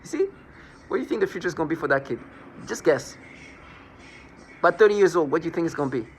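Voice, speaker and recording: A man's voice: fairly high pitch, animated, quick pace, a little hiss or hum. A man rambling through a scornful personal monologue, restarting and repeating words as he goes. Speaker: vlogger.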